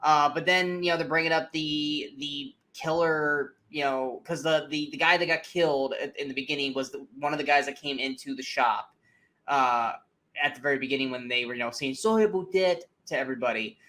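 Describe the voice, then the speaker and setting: Man, slightly high voice, casual movie review co-host, rambling, frequent fillers. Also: steady tone, fairly quick, pushed and bright. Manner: rambling, many restarts and fillers. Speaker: podcast co-host.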